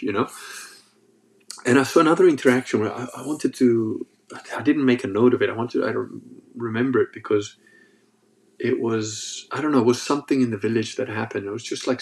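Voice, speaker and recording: A man hosts a podcast in an easygoing monologue. He rambles through stories in a mid-pitched voice, peppered with swearing and fillers. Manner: rambling, profane, lots of fillers. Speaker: podcast host. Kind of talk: casual monologue.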